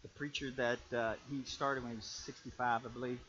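A man preaching as pastor, in a folksy, animated storytelling way that jumps to loud peaks. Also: medium pitch, brisk, lo-fi sound, a little hiss or hum. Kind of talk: sermon.

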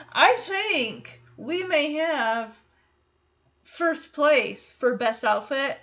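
A high-voiced young woman from Michigan talks casually about an episode, laughing often and slipping into the characters' lines. The recording sounds dull and a little lo-fi. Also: lively intonation, slow pace, a bit bright. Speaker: show reaction vlogger.

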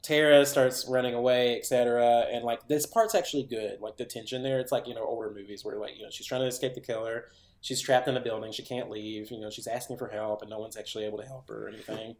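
A man on a casual podcast retells a horror movie at length. He rambles and fills every pause with "like" and "um", and his pitch sits in the middle. He slips into the characters' lines as he goes, and the room around him has a noticeable echo. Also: fairly even intonation, a little mellow. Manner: rambling, filler-heavy, acts out characters' lines. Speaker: podcast co-host.

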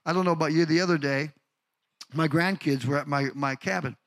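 An older man, a pastor, preaching a lively sermon, asking the congregation questions and acting out stories. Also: on the high side, a little fast. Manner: animated, asks the congregation questions, acts out stories.

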